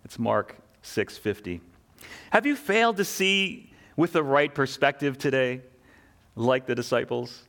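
A man's voice: medium pitch, lively intonation, measured pace, vocal fry, a bit bright. A man preaching a sermon, earnest and emphatic, asking rhetorical questions and repeating key phrases. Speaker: pastor.

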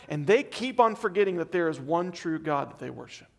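A male preacher with a high-pitched voice delivering an earnest sermon. He pushes some lines out with emphasis, then drops to a near murmur on others. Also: lively intonation, fast, creaky, few pauses. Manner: earnest, swings from emphatic to very quiet.

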